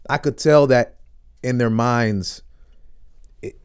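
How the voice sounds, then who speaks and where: A young man telling a story in a casual interview, animated and acting out what people said. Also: takes it slowly, smooth. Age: young adult. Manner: animated, acts out quotes in high squeaky voices. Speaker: voice actor guest.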